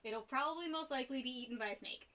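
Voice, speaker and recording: A young woman with a high, fast, bright, forceful voice chats casually on a live stream as she paints. This art streamer rambles and giggles as she drifts between topics.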